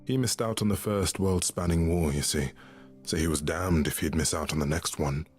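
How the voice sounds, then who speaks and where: An actor playing a weary young male god of love in a video game, speaking in a heartfelt, halting way. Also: low voice, faint music behind, lightly acted. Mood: somber.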